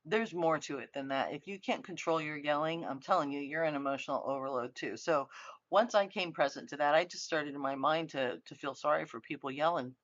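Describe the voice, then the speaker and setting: In a recorded online lecture, a woman with a low voice speaks fairly quickly, earnest and conversational, often restarting her phrases as she teaches a university class. The recording is dry, dull, and lo-fi.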